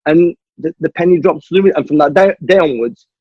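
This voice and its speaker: A man's voice: a little high, a little fast, slightly rough, dry recording. A man, a stuntman and martial artist, telling a long story as an interview guest and acting out the dialogue. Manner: animated storyteller who acts out the dialogue. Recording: dull, dry lo-fi audio.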